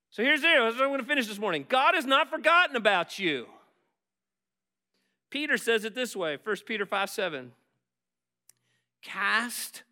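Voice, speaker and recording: A man preaching a sermon as pastor, animated as he acts out Bible scenes and dropping soft when leading prayer. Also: very high-pitched.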